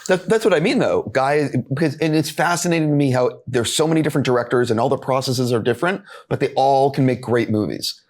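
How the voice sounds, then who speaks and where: A man's voice: medium pitch, fast talker, few pauses, a little mellow. A man interviewing actors in a loose, chatty way with casual swearing.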